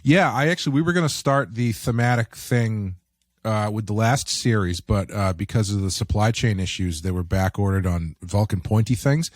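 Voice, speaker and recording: A man co-hosting a podcast, telling stories in a wry, deadpan way. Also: lowish voice, moderate pace, no echo, studio quality. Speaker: podcast co-host. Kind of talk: casual chat.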